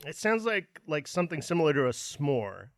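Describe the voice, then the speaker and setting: A man co-hosting a podcast, chatting casually in a teasing way and quick to laugh. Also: on the high side, very animated, no room sound, clean studio sound. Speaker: podcast co-host.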